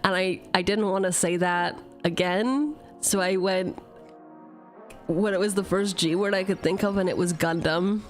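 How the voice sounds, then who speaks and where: A woman's voice: lowish voice, normal speed, soft background music. Sarcastic woman opening card packs. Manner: profane, sarcastic, animated. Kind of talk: casual streaming chat.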